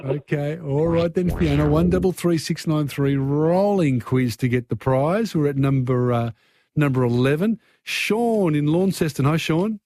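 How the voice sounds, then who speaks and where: A chatty Australian man runs a radio phone-in quiz, reading out questions and tossing callers hints. His voice sits a little high. The sound is close and dry, with no room around it. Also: unhurried, mellow, no room sound.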